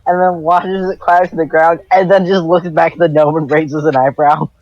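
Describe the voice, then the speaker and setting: Deadpan tabletop player, kinda muffled, dry. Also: mid-range voice, normal speed, dry recording. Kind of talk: tabletop game chat.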